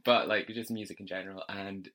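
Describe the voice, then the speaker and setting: A young man co-hosting a podcast, chatting in a gushing, animated way and laughing high. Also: brisk. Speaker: podcast co-host. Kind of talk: casual chat.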